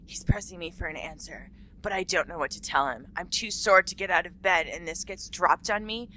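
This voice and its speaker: Bedridden female soldier, restless, low bright voice, a woman doing it. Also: slight background noise, low-quality recording.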